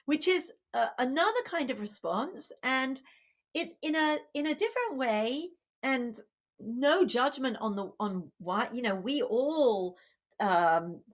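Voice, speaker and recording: A woman's voice: sits high, expressive, slow. A woman, a child psychologist and author, giving a conversational public talk on parenting, with many fillers and self-corrections.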